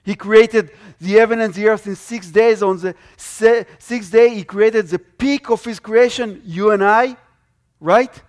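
A man's voice: high-pitched, measured pace. A man preaching a sermon with strong emphasis, his voice swelling and dropping.

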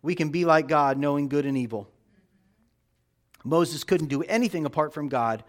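Guy preaching a sermon, kinda high voice, gets loud then drops way down. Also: normal speed. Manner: emphatic preaching with rising and dropping delivery. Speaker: pastor.

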